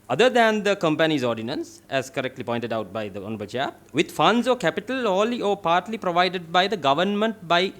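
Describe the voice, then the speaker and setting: Formal Sri Lankan legal officer reading clauses. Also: male voice, a little high. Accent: Sri Lankan English. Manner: deliberate, formal, reads clauses aloud with stressed words. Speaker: legal officer answering the committee. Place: parliament committee room.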